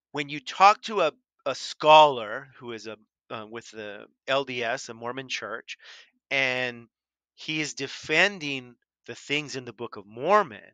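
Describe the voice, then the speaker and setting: A man's voice: mid-range voice, pushed and bright, dry recording. A man delivers critical video commentary in a tense, cutting voice. He argues hard, repeats himself for emphasis and talks straight at his opponent. The recording is bone dry and close to the microphone. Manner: emphatic and repetitive; argumentative, addresses opponent directly. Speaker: commentary channel host.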